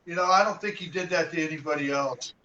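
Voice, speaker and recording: A man's voice: a little high, fast, lo-fi sound, a crowd in the background. A man guest in a casual interview, telling rambling stories and acting out what others said. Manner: rambling, acts out quoted dialogue. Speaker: martial arts guest. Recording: echoey room from far off, faint noise.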